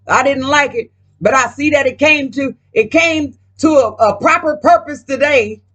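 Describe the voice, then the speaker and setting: A woman's voice: high-pitched, fairly bright tone. A woman vlogger talking casually while reading tarot cards, profane and emphatic, rambling and speaking straight to her viewers.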